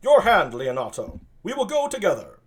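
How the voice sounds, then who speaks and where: A man's voice: high-pitched, huge pitch swings, normal speed, voice pushed up. A man reading aloud and voicing a confident, hearty prince in a declamatory way.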